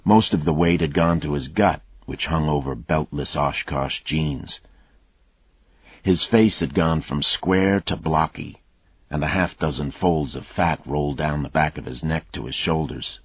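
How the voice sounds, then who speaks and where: A man narrating an audiobook in a steady, even reading voice. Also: extremely low pitch, unhurried, husky, no echo. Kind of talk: scripted narration. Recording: dull, muffled dry audio.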